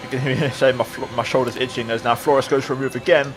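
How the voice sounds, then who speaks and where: A man talking through a replay of his own online race, relaxed and reflective, with many fillers. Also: mid-range voice, quick pace, over music. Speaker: sim racing video creator. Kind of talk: replay commentary voice-over.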